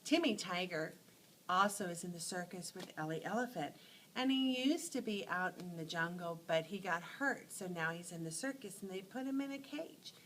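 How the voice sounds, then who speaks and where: A woman teacher telling short animal stories to teach letter sounds, acting out each sound with lively expression. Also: on the low side, normal speed, a little hiss or hum, low-quality recording. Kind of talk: phonics lesson storytelling.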